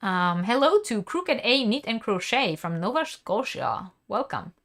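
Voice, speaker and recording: Woman, live stream host, casual chat, reads viewer comments aloud, bright voice. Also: on the high side, very animated, unhurried. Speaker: crochet channel host.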